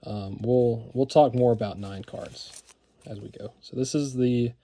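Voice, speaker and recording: Speaking in a mellow mid-range voice at a measured pace, a card collector vlogger casually shows off items from his collection. His show-and-tell narration is rambling and enthusiastic, full of fillers and repeated words.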